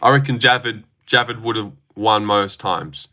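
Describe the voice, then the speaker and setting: A man's voice: fairly low pitch, steady tone, moderate pace, pushed and bright. A young man on a live stream, reading and answering chat with sarcastic, argumentative, swear-filled talk.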